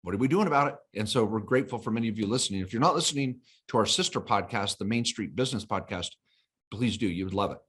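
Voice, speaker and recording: A man's voice: lowish voice, quick pace, fairly bright tone, husky. A man co-hosting a podcast in casual chat, telling stories and acting out quoted voices with energy. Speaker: podcast co-host.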